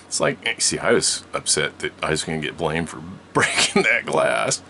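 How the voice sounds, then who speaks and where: An older man rambles through a long story from his childhood, restarting often and laughing frequently in casual storytelling. His voice rumbles low, bright and forceful, with lively intonation at a moderate pace over slight background noise.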